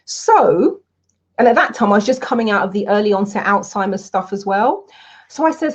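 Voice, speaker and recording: Casting note: woman, coach hosting a webinar, animated storyteller, somewhat lo-fi sound. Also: mid-range voice, normal speed, breathy edge. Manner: lively, candid, anecdotal.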